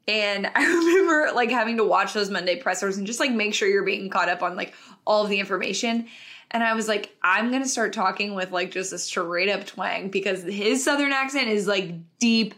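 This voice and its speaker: Chatty woman co-hosting a sports podcast. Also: mid-range voice. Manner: animated, quick asides, frequent "like". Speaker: podcast co-host. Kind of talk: casual sports chat.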